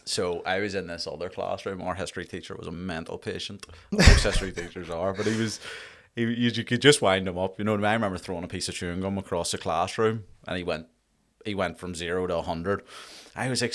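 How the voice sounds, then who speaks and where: Brief: podcast guest, very low voice, relaxed sweary storyteller. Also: male voice, quick pace. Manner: swears casually, laughs at his own stories. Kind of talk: casual chat.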